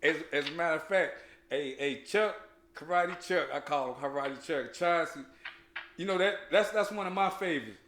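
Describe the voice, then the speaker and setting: A man telling a childhood story in casual chat, animated and laughing, full of slang and restarts. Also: a little high, moderate pace. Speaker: podcast host. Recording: echoey room.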